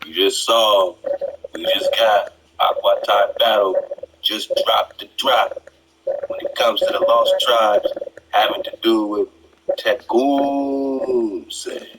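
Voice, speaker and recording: A man's voice: fairly low pitch, steady tone, takes it slowly, fairly bright tone, husky, rough recording. A man commenting on a played clip in a preaching style, emphatic and challenging, with many rhetorical questions.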